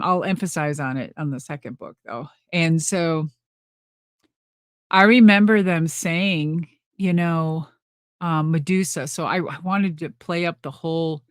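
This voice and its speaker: A woman's voice: low-pitched, no echo, clean studio sound. A middle-aged woman telling a backstage story in a casual interview, rambling and laughing often as she acts out what people said. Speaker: interview guest.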